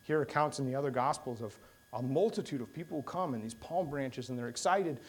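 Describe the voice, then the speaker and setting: A man's voice: medium pitch, fairly quick, slightly rough. A man preaching a sermon, telling stories with humor and rising to sudden bursts of emphasis. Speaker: pastor.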